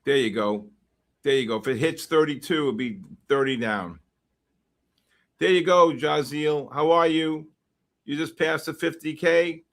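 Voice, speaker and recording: A man hosting a live trading stream, calling price levels and teasing viewers in chat with excitable, repetitive banter. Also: a little high, a little slow. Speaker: livestream trading host.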